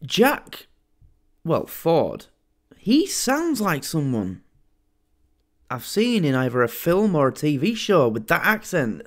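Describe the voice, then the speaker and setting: A reaction video host, commenting in an animated, chatty way and laughing often. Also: mid-range voice, slow pace, pauses often.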